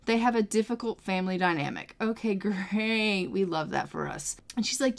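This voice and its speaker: A woman's voice: medium pitch, lively intonation, moderate pace, gravelly, hardly any pauses. A woman narrating her life-simulation gameplay, chatty and dramatizing what the characters say. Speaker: let's play narrator. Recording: game chatter in background.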